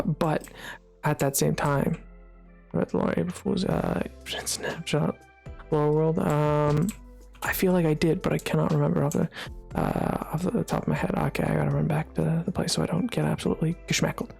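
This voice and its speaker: This livestreamer talks casually to viewers during a gaming session, drowsy and rambling with many fillers and false starts. The medium-pitched voice moves at normal speed, gravelly with a breathy edge, and faint music plays behind.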